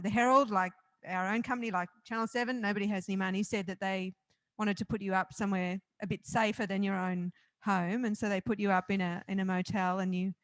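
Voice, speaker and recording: A woman's voice: mid-range voice, fairly bright tone, no room sound. A woman interviewing a guest on stage, with a teasing, wry manner.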